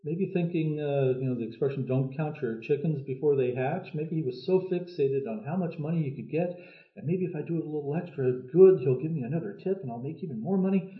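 Male preacher, sermon, measured storytelling, echoey room, tinny phone-like sound. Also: a little high. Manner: measured, thoughtful storytelling with many pauses.

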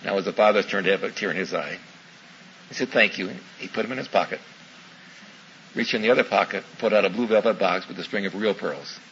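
A man's voice: sits low, fast talker. A man preaching a sermon in a folksy storytelling manner, in a muffled recording with faint hiss. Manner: folksy storytelling, warm asides, chuckles.

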